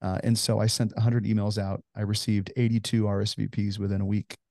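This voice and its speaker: Earnest founder in his forties: low, dry, close voice, chatty interview storytelling. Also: level tone, brisk, creaky, darkish tone, no echo. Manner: earnest storyteller, heavy on "you know" fillers. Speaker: ministry founder, guest.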